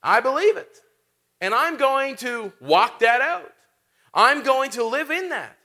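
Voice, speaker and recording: Bright-voiced preacher, man. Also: extremely high pitch, lively intonation, slow pace. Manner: conversational, with rhetorical questions and fillers. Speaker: pastor. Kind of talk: sermon.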